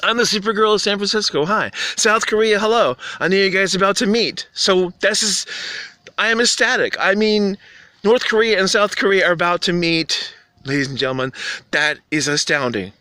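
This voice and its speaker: A man's voice: sits high, normal speed, pushed and bright, no echo. A man delivering a rambling, earnest monologue to camera, appealing to the world with preachy urgency. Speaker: vlogger.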